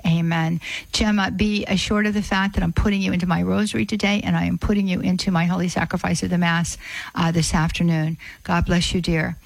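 A woman hosting a religious call-in radio show who speaks in a gentle, affectionate, prayerful way. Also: lowish voice, little pitch movement, fairly quick, creaky, no room sound, rough recording.

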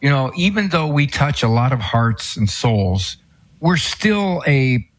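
A man's voice: medium pitch, sing-song, slow. An older man giving folksy, emphatic advice on a radio talk show in a studio, repeating his key points.

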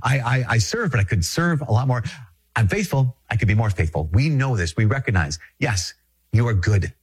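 A man's voice: medium pitch, expressive, moderate pace, slightly rough. A man from Minnesota, a Catholic priest, giving an earnest, conversational spiritual talk and repeating phrases for emphasis.

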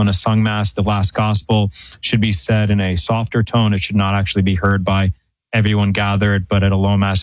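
Man, priest, low voice, measured, explanatory, dry studio sound. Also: dry recording, poor audio. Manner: measured, explanatory, many fillers. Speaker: priest answering questions. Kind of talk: radio call-in advice.

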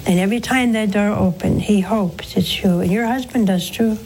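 An older woman hosting a religious call-in show, counseling a caller in a gentle, pleading, preacherly way. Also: medium pitch, moderate pace, a little hiss or hum. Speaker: religious TV host taking calls.

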